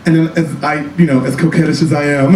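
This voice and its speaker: A man's voice: on the high side, little pitch movement, fast talker, reverberant, distant mic, noisy background. A man telling a sassy, flamboyant story in a live one-man comedy show, calling the audience child and honey. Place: small cabaret club with an audience. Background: audience laughter.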